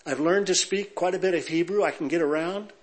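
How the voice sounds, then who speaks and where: A man's voice: high voice, fairly quick. A middle-aged man from Southern California, a pastor telling jokes and stories to his congregation. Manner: lively storyteller, joking with the audience. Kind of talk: sermon with humorous anecdotes.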